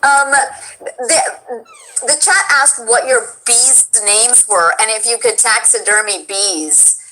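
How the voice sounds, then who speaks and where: Woman host, bright and higher-pitched, enthusiastic, gushes at answers. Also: slow pace, a little hiss or hum, poor audio. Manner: enthusiastic, gushing reactions. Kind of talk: casual interview chat.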